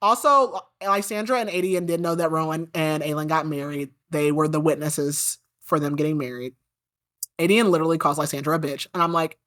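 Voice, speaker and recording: A podcast host with a fairly low, slightly bright voice speaks expressively at normal speed while recapping a book. Her casual, chatty summary is full of "like" and indignant asides about the characters.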